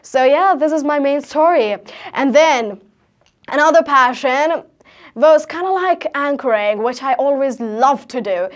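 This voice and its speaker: Teen girl, Indian English accent, high voice, energetic motivational storyteller. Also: a little slow. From Haryana, India. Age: teens. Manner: energetic storytelling with rhetorical questions. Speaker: guest speaker. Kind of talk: motivational talk.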